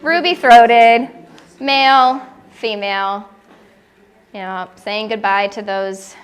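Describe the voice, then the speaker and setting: A woman with a slightly high voice gives an informal talk on birding in a gallery room. She is friendly and chatty, and she sometimes mimics bird calls for her listeners. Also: fairly even intonation, slow pace, clean tone. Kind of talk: informal presentation to a small audience.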